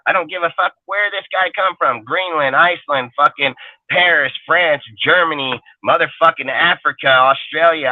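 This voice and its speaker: Swearing nonstop, a higher-voiced male co-host rants hard during a fiery sports fan roundtable. The sound is dry, narrow and phone-like.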